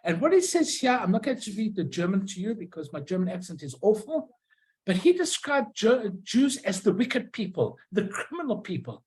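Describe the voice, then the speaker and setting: A middle-aged woman giving an informal illustrated lecture on postcards, who often pauses to search for her words and tells anecdotes along the way. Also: mid-range voice, sing-song, a little mellow, low-quality recording.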